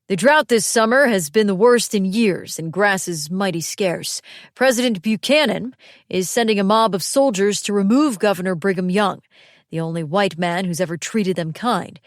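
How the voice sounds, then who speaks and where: A woman voicing a smooth, calculating male militia general in an audiobook, speaking in a measured, coolly persuasive, folksy way. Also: medium pitch, no echo, clean studio sound, natural voice. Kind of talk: audiobook character reading.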